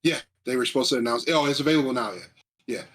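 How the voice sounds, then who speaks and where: A man co-hosting a casual live stream, chatting excitedly and rambling a little as he reads viewer comments aloud. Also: medium pitch, very fast. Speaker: stream co-host. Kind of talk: casual chat about video game awards.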